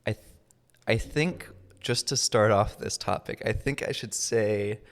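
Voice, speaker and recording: A young man with a low, gravelly voice co-hosts a podcast, rambling through casual chat full of fillers and self-deprecating asides. The recording carries a long, reverberant tail. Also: measured pace. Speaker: podcast co-host.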